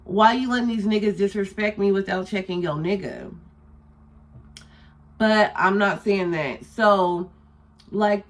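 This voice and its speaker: A young woman telling a storytime vlog with blunt, animated energy. Her voice sits at a middle pitch, and she swears freely as she tells it. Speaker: vlogger.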